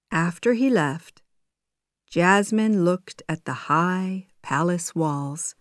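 Slow, measured woman narrator. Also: lowish voice, dry recording, studio quality. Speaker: audiobook narrator. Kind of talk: scripted storybook narration for learners.

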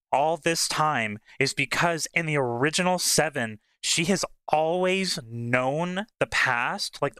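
A young man streaming a game, reacting out loud, excitable and swearing a lot as he talks to the screen. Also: a little high, no echo, studio quality. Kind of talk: casual reaction commentary. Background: game soundtrack and game dialogue.

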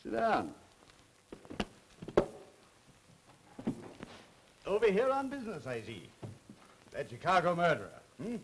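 An actor playing a dismissive police commissioner with a brusque manner, in a 1930s film. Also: male voice, sits high, huge pitch swings, brisk, background noise, exaggerated voice. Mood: jovial.

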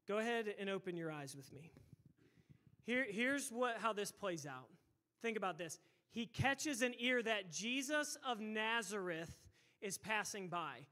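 A pastor preaching a sermon into a microphone in a church, loud and emphatic, repeating words and breaking into shouts. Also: male voice, sits high, lively intonation, a little slow. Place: church sanctuary. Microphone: handheld or stage microphone.

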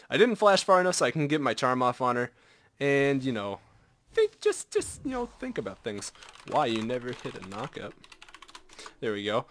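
A young man giving casual live commentary over his own game, excitable and self-mocking, dropping to mutters and jumping to yelps. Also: medium pitch. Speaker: gameplay commentator.

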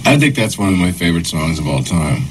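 A man's voice: sits low, very animated, quick pace, slight background noise. A male band frontman as a guest in a radio studio, chatting casually in a laid-back, teasing way. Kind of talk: casual radio interview chat.

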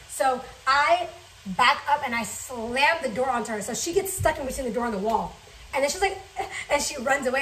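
A young woman telling a chatty, fast storytime while cooking in her kitchen, swearing freely. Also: sits high, lively intonation, a bit bright, far from the mic, slight background noise, rough recording. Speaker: vlogger. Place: home kitchen.

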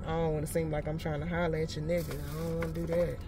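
A woman's voice: low voice, steady tone, fast, vocal fry, hardly any pauses, heavy background noise. A woman talking casually to her viewers on a car vlog, blunt and profane, laughing often, recorded on a phone camera in a parked car. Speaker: motivational vlogger.

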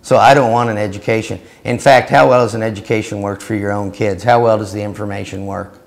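Gravelly man preaching with rising fervor. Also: fairly low pitch, quick pace. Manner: storytelling, growing loud and animated when acting out his reply. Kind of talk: seminar teaching.

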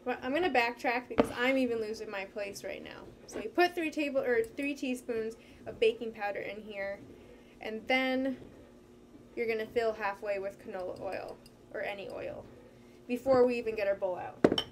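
A woman teaching young children at home, walking them through a movement game and a science activity in a gentle, encouraging way that sometimes loses its place. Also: a little high, moderate pace, slight background noise. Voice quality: gentle, encouraging, occasionally losing her place. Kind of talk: children's lesson, talking to camera. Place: home with a carpet.

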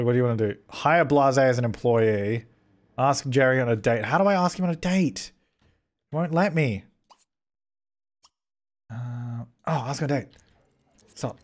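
Excitable man with a lively swooping voice. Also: mid-range voice. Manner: excitable, frets aloud and talks at the game characters. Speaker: gaming video host. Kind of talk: let's play commentary.

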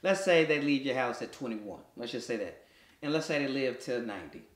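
A man's voice: mid-range voice, lively intonation, fairly quick, reverberant. A man co-hosting a podcast with his wife, speaking in an easygoing, reflective way about raising kids. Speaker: podcast co-host. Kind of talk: casual parenting chat.

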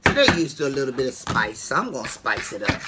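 A woman hosting a cooking show, chatting warmly and animatedly as she demonstrates a recipe in her kitchen. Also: extremely low pitch, very animated, fast talker, heavy background noise.

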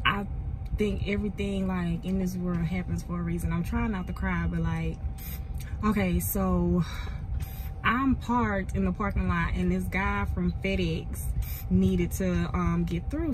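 A woman telling a heartfelt story in a casual vlog, speaking into a phone from a parked car. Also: mid-range voice. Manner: earnest, heartfelt, rambling. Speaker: vlogger. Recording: car noise in background.

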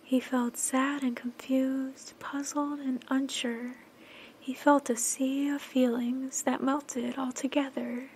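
A woman gently narrating and singing a children's story in a soft, sing-song voice that often drops to a whisper. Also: high-pitched, little pitch movement, slow, a little hiss or hum.

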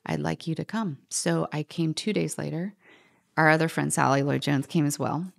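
Low, gravelly-voiced woman telling a story. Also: moderate pace. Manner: animated storyteller, quoting others, laughing, dropping to whispers. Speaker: podcast guest. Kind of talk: storytelling in conversation.

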